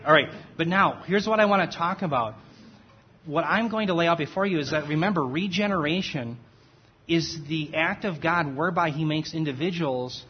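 Guy preaching a bible sermon, kinda husky, fairly high voice, keeps asking "okay?" as he goes. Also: lo-fi sound. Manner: conversational, checks in with "okay?", self-correcting, laughs at himself. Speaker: pastor. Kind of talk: expository sermon.

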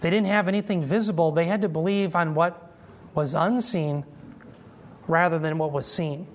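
A man teaching an expository sermon, explaining Greek terms slowly and asking his listeners questions as he goes. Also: on the high side, steady tone. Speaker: Bible teacher.

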